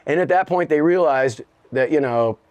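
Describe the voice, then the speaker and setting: Profane, animated man telling a wild story. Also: moderate pace, no room sound, dull audio. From United States. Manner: profane, acts out quotes in a high excited voice, laughs often. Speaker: interview guest, rapper. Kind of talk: animated storytelling in a sit-down interview.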